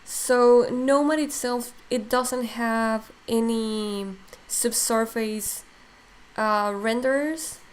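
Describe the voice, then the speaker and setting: Running a live sculpting tutorial, this instructor reads chat comments aloud and thinks out loud, filling gaps with lots of fillers. Her fairly high-pitched voice draws out its words and sounds strained and fatigued.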